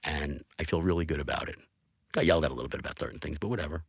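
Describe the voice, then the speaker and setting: A man's voice: very deep voice, racing, husky, no room sound, clean studio sound. A man in his fifties, a TV news producer, telling personal stories earnestly in a podcast interview. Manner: earnest, emphatic storytelling.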